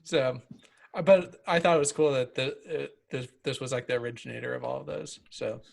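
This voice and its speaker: A man's voice: medium pitch, fairly even intonation, fairly quick, vocal fry. A man co-hosting a podcast, chatting loosely about a book, with a lot of "like" and "dude". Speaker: podcast co-host. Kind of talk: casual book discussion.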